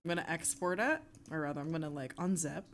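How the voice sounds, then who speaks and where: A young woman streaming live, chatting casually and excitably, swearing often. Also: low-pitched, quick pace, slight background noise. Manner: excitable, swearing, breaks into shrieks and laughter.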